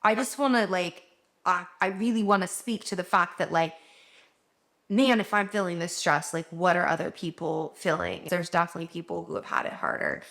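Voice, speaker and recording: With a lowish, slightly bright voice carrying vocal fry, a woman doctor talks at a moderate pace in a home vlog. She's open, tired and on the verge of tears, rambling emotionally with frequent fillers.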